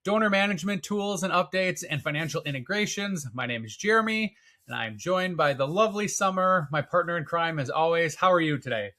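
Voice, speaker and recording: A man from Wisconsin co-hosting a podcast, chatting in a relaxed way with fillers. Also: a little high, a little fast. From Wisconsin, USA. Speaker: podcast co-host. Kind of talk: casual podcast chat.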